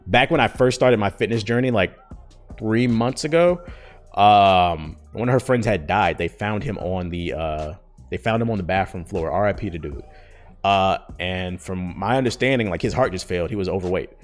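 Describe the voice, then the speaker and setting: A man's voice: sits low, normal speed, faint music behind. A man in his thirties hosting a podcast, rambling and cursing freely as he vents in a candid, emotional way. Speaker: podcast host. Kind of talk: casual podcast monologue.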